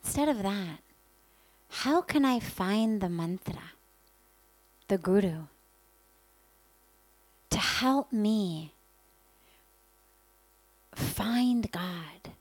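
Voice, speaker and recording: Slow, earnest woman spiritual teacher. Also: mid-range voice, lively intonation, dry recording, poor audio. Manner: earnest, gentle storytelling with many lists. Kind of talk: spiritual talk.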